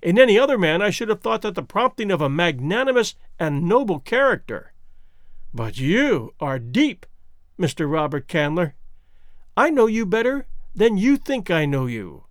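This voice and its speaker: A male reader doing a young woman's voice, proud and icy, lines pushed high and swinging wide, steady and cutting. the room is completely dry and close. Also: normal speed, no room sound. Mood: cold, defiant. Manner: cold, level and cutting.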